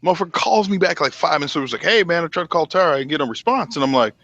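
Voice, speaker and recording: Profane storytelling man, bright voice. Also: on the high side, very fast, dull audio. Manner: profane, animated, acts out quotes. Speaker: podcast host. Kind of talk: casual storytelling chat.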